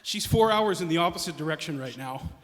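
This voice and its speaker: A man's voice: fairly high pitch, expressive, a little fast, fairly bright tone, big-room sound, soft background music. A male comedian telling rambling stories in stand-up, with frequent restarts. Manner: rambling self-interrupting storytelling. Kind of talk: stand-up storytelling. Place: stage in a reverberant hall.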